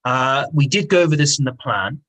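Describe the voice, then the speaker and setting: A man's voice: mid-range voice, animated, a little fast, fairly bright tone, poor audio. A man teaching an online English lesson. He explains patiently and repeats key words. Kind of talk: online lesson with reading aloud.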